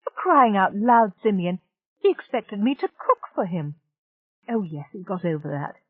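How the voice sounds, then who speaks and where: A blunt, irritable young woman from a storybook, pitched up and quick to complain, as a woman reader puts her on. She sounds tinny and narrow, as if over a phone line. The recording is dry and close. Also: animated, no room sound, lightly acted. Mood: exasperated. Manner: frank and irritable. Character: blunt, exasperated young woman station partner.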